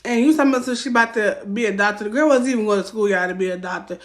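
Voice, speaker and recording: A young woman with a Southern US accent, telling a story-time vlog in a casual, loud and profane way, acting out what people said. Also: mid-range voice, rapid-fire. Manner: animated, loud and profane, acting out quotes with rising heat.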